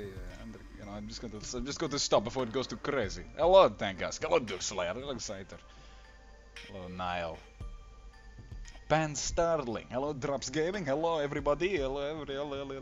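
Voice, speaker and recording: A man hosting a game tournament livestream in a casual, playful way, reading chat aloud and answering it. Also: medium pitch. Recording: slightly dull stream mic with faint music. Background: faint background music.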